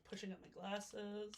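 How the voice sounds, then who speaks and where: A woman's voice: medium pitch, a little hiss or hum. A young woman from New York chatting casually on a livestream, jokey and easily sidetracked, her voice a little worn out. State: slightly worn-out voice. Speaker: streamer ranking water parks.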